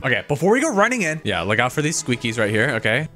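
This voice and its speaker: A man talks fast and playfully over a co-op game, bossing his teammates and teasing one of them. His pitch leaps around, up and down in every sentence. Faint game music plays underneath. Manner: bossy, teasing, excitable, quick to laugh. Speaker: gaming YouTuber. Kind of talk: casual gameplay chat with friends.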